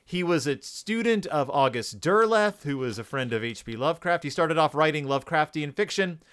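A man co-hosting a podcast, chatting casually about a book. His voice is fairly high for a man and smooth, and his pitch swings widely as he jokes and does little voices for the people he quotes. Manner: animated, jokey, puts on quick voices for quotes. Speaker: podcast co-host.

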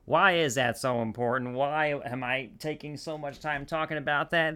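A man's voice: a little high, steady tone, normal speed, hardly any pauses, bright, forceful tone, smooth. Rambling man hosting a podcast. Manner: rambling, full of restarts and asides. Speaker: podcast host. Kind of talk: casual podcast chat.

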